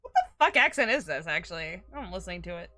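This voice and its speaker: A woman streaming a game live, reacting excitably with swearing, shouts and laughs. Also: on the low side, fast, a little hiss or hum.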